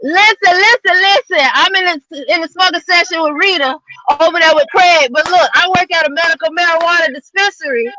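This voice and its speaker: A woman calling into a show over a Bluetooth headset, rambling excitedly and cursing. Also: very high-pitched, background noise. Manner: rowdy, excited, profane, fast rambling. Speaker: caller. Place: car, outdoors near smoking area.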